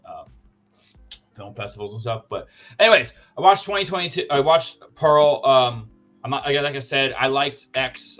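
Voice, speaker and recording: A man's voice: medium pitch, a bit bright. A man co-hosting a live show, giving a casual, enthusiastic movie review full of fillers and restarts. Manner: rambling, many fillers and restarts. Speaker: podcast co-host reviewing movies.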